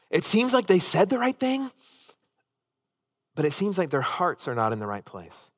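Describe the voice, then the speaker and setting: Animated preacher in a reverberant hall. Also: male voice, high voice, moderate pace, pauses often. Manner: animated, emphatic storytelling. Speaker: pastor. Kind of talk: sermon.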